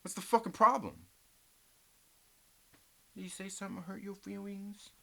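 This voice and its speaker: A man with a bright, forward voice rants through a live stream, cursing constantly as he reads chat messages aloud. He jumps from loud outbursts to low muttering. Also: moderate pace, creaky. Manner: swearing, ranting, heated. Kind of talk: profane live stream rant, reading chat.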